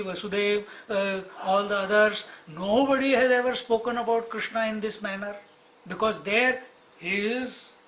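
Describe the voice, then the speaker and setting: A man, a swami teaching scripture in an explanatory, storytelling lecture with frequent pauses. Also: high-pitched, a bit bright, slight background noise, poor audio.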